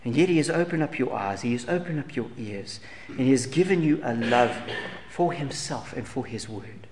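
An earnest male preacher of middle pitch presses repeated rhetorical questions on his listeners. He swings from loud emphasis to hushed lines. His voice carries a long hall reverb over a faint hiss. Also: lively intonation, moderate pace. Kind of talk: sermon.

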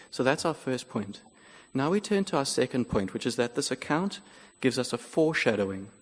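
A man delivers a sermon in a measured, earnest manner, working through a scripture passage point by point. His voice sits at a middle pitch. The sound carries the long reverb of a large church hall. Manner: measured, earnest expository preaching. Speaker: preacher.

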